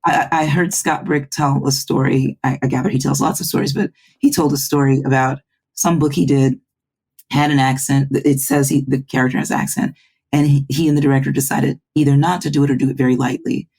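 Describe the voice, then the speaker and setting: A woman's voice: extremely low pitch, flat delivery, a little fast, creaky, a little mellow, breathy edge. A woman who is a guest audiobook narrator, talking in a roundtable conversation. She stammers and restarts phrases as she builds her point.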